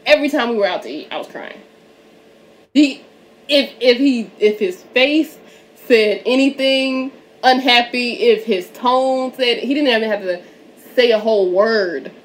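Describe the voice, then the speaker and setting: A woman's voice: a little high, measured pace. A woman hosting a casual podcast chat, talking candidly, swearing and laughing often. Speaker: podcast host.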